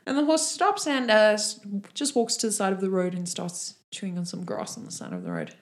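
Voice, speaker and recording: A woman running a tabletop game as game master, narrating casually with frequent pauses and fillers. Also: medium pitch, big pitch swings.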